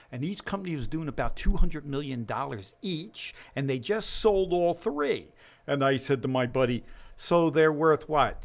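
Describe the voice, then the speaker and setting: A middle-aged man who lends money to businesses and is the guest in this casual interview. His voice sits a little high for a man and moves up and down a lot. He tells his stories by acting out every line of dialogue. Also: vocal fry. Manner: animated storyteller acting out dialogue.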